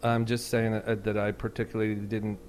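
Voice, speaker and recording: A man's voice: fairly low pitch, monotone, brisk, a little mellow, slight background noise. A man talking casually in an interview as a touring band musician, rambling and self-deprecating, with many restarts.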